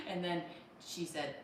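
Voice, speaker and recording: A woman's voice: on the low side, recorded from a distance. Chatty woman live-streaming in an echoey room. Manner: chatty, animated, laughs often. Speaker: livestream host. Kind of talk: casual live-stream chat, reading viewer comments. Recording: echoey room, voice off-mic, noisy.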